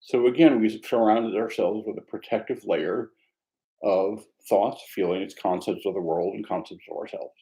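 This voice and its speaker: A man teaching meditation, speaking in a reflective, conversational way with a gently self-mocking humor. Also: on the low side, moderate pace, rough recording. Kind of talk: mindfulness dharma talk.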